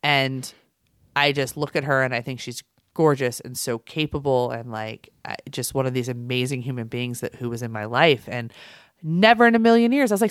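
A woman's voice: rumbling low, normal speed, no echo, studio quality. A woman in her thirties co-hosting a podcast, talking candidly and a little rambling, full of "like" fillers. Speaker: podcast co-host. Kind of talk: casual podcast chat.

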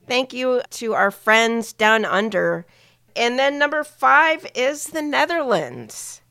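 A woman co-hosting a casual podcast, chatting with listeners in a relaxed way with many fillers. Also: on the high side, clear, resonant tone, no room sound, studio quality. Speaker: podcast co-host.

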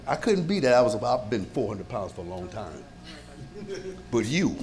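A pastor preaching to his congregation in a lively, conversational way, with many rhetorical questions and frequent chuckles. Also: mid-range voice, brisk. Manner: chuckles often. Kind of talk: sermon.

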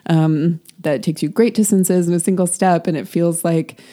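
A woman's voice: on the low side, fairly even intonation, normal speed, mellow. A woman co-hosting a podcast, chatting casually about a novel with many "um"s and "like"s. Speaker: podcast co-host. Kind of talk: casual book discussion.

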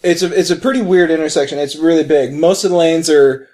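Man, high voice, profane co-host who rambles through explanations. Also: a little fast, a little mellow. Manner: crude, joking, explains at length. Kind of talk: casual chat.

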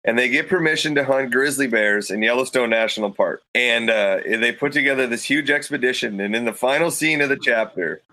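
Brisk and with few pauses, a podcast guest tells a hunting story in a bright, forceful medium-pitched voice. Chatting casually, he loudly acts out quoted thoughts into a studio mic; there's no room sound, though the recording is rough.

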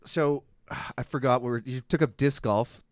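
A man's voice: mid-range voice, moderate pace, no room sound. A man co-hosting a comedy podcast, from Canada, riffing casually and swearing as he tells stories. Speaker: podcast co-host. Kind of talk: crude casual comedy banter.

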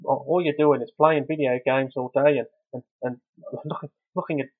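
A man's voice: medium pitch, fairly even intonation, moderate pace, narrow, tinny audio, lightly acted. A man playing a crude, blustering father who stammers and repeats himself in a comedy sketch. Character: crude blustering middle-aged dad.

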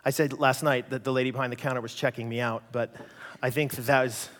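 A Canadian man preaching a sermon, an animated storyteller who acts out voices and jokes at his own expense. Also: mid-range voice, quick pace, big-room sound, a little hiss or hum. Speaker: pastor.

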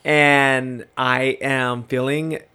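A man's voice: mid-range voice, little pitch movement, drawn-out words, sharp tone, clear, resonant tone. A man co-hosting a podcast in a casual, playful, sassy chat, with lots of ums. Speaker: podcast co-host.

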